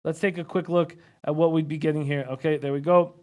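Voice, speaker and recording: A man's voice: on the high side, steady tone, fairly quick, darkish tone. A man hosting a casual sports betting livestream, chatting through his picks and reading viewer comments aloud. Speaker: sports betting analyst host.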